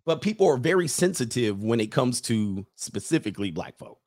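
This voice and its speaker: A man's voice: medium pitch, very animated, brisk, darkish tone. Rambling joking man hosting a stream. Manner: rambling, joking, reads viewer comments aloud. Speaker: livestream host. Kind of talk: casual livestream monologue.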